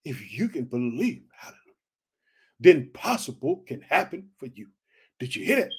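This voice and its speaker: A man's voice: mid-range voice, big pitch swings, moderate pace, darkish tone, husky. A man preaching a fervent sermon, repeating phrases and calling out to his listeners as family. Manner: fervent, repetitive call-and-response preaching.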